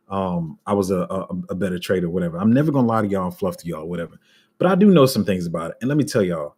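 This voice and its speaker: Crypto streamer, male, deep husky voice, blunt and fed up, lots of restarts. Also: darkish tone. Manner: frank and exasperated, heavy slang, many restarts. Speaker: crypto YouTuber reading live comments. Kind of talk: casual livestream rant.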